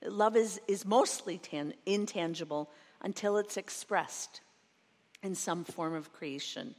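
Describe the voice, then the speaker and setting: A woman preaching a sermon in a slow, reflective way, reading a passage and then going over it again. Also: fairly low pitch. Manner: slow, reflective, reads a quoted passage twice. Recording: long reverb of a large hall.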